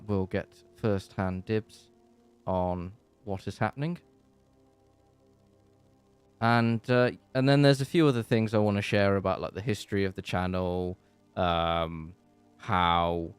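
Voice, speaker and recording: A man's voice: lowish voice, clean tone. A man with an English accent hosting a casual live-stream Q&A from his bedroom. He rambles and chats with lots of fillers and restarts, and he is hot and sweaty. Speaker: channel host.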